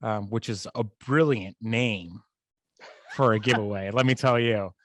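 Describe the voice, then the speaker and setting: A man's voice: lowish voice, measured pace. Joking man with a Boston accent. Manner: joking, teasing. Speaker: podcast co-host. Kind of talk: casual chat.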